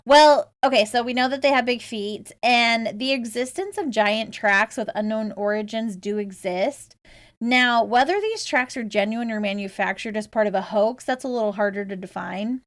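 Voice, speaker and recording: A woman's voice: on the high side, normal speed, no room sound, studio quality. A woman co-hosting a casual podcast, chatty and laughing often, reading out research with fillers. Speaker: podcast co-host.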